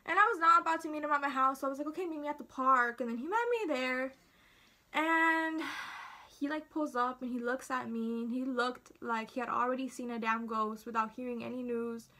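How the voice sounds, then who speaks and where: Teen girl chatting thru her story, high bright voice, dramatic quotes. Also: steady tone, fast, hardly any pauses. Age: teens. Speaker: vlogger. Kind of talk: casual storytime.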